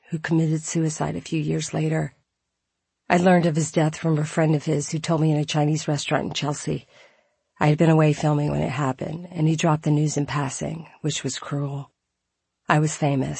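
A woman's voice: low-pitched, gravelly, a little mellow, slightly rough, no echo. A woman reading her own memoir aloud in a reflective, wry manner, close to the mic. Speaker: memoir narrator.

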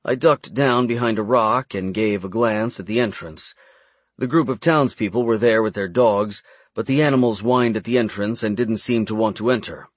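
A man reading a first-person fantasy adventure audiobook in a brisk storytelling manner. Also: on the low side, dry recording. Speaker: audiobook narrator.

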